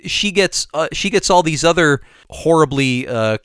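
A man's voice: fairly high pitch, expressive, moderate pace, fairly bright tone, clear, resonant tone, no echo, clean studio sound. A man co-hosting a podcast, talking through his points step by step in casual discussion. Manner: thoughtful, explains step by step. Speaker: podcast co-host.

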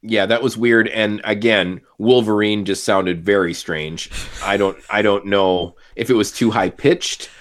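A man's voice: fairly low pitch, fairly even intonation, unhurried, few pauses. A man co-hosting a podcast in casual chat, joking and putting on playful mock voices. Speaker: podcast co-host.

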